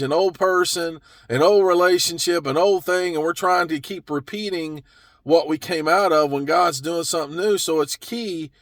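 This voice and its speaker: Earnest male preacher, slow hushed storytelling. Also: fairly high pitch, no room sound. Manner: slow, earnest storytelling with drops to a soft hush. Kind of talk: sermon.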